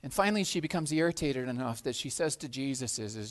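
A man's voice: mid-range voice, animated, fast talker. A male pastor preaching a sermon in a conversational way, often repeating words and acting out little scenes.

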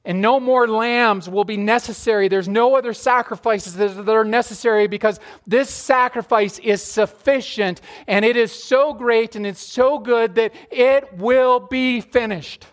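A preacher voicing a tender, self-giving Jesus. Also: male voice, very high-pitched, measured pace, few pauses, pitched above the performer's own voice. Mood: earnest, tender. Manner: earnest, pleading first-person preaching. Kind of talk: sermon.

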